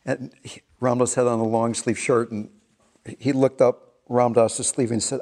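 Older man, gravelly, dark mellow tone, reflective storytelling, gentle laughs. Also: medium pitch, little pitch movement, normal speed. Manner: laughs often, musing and tender.

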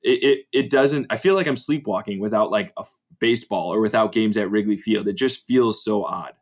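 A man co-hosting a podcast, talking in a relaxed, hesitant way. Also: lowish voice, fairly quick. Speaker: podcast co-host. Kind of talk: casual conversation.

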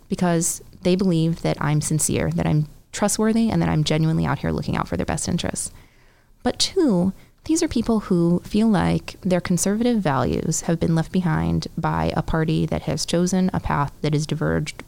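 An earnest woman in her thirties, a congressional candidate answering interview questions. Her voice sits a little low with a gravelly edge, and she lines up her points one by one, checking in with "right?". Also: mellow. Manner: earnest, talks in lists, often adds "right?". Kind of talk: political interview.

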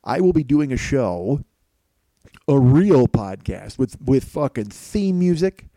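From his home kitchen, a man hosts a podcast in a casual, rambling monologue packed with swearing and self-mockery. His mid-range voice is mellow, recorded with no echo.

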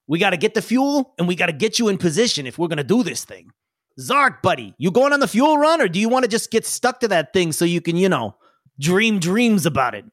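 A man's voice: high voice, very animated, brisk, fairly bright tone, dry recording, studio quality, exaggerated voice. A man voicing an eager, restless male alien mechanic with a tail in a tabletop role-playing game, rambling in drawling slang. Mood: urging.

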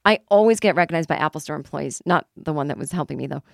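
A woman's voice: deep voice, fast talker, creaky, dry recording, clean studio sound. A woman comedian hosting her podcast, telling a rambling, self-deprecating story and swearing casually. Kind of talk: comic storytelling monologue.

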